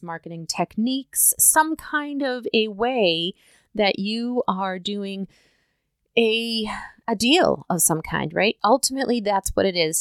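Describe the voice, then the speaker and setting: A woman's voice: mid-range voice, no echo, studio quality. A woman hosting a talk show, speaking casually and emphatically, often checking in with the listener. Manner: emphatic, conversational, keeps asking "right?". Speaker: podcast host.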